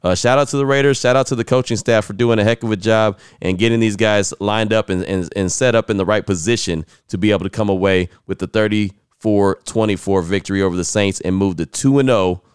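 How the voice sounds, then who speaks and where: A man talks through his sports podcast in an easy, chatty way and reads the sponsor spots in the same relaxed tone. His voice is smooth and resonant. The sound is dry and close, with no room around it. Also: fairly low pitch, fairly quick, few pauses, no echo. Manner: casual, chatty, laughs at himself. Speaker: podcast host.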